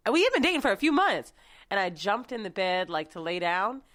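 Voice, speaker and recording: A woman's voice: medium pitch, big pitch swings, a little fast, fairly bright tone. A woman co-hosting a podcast, telling brash stories and laughing through her words. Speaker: podcast co-host. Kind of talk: casual chat. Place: studio.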